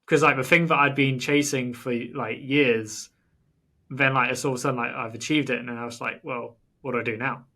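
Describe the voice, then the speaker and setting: A man's voice: mid-range voice, fairly even intonation, a little fast, sharp tone. A man hosting a podcast, talking reflectively and casually, with frequent "like" and "you know" fillers. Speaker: podcast host. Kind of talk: casual conversation.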